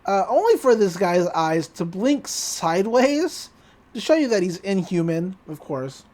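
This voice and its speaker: A young woman casually recapping a cartoon episode, slipping into quick character voices as she tells it. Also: medium pitch. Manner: animated, does quick voices for characters while retelling. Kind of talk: casual recap with acted quotes.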